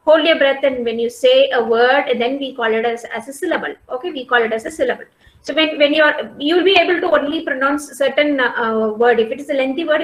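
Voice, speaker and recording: A lecturer with a high-pitched, fairly bright voice teaches a class patiently, using many fillers, repeating herself and checking that students understand. The room is echoey.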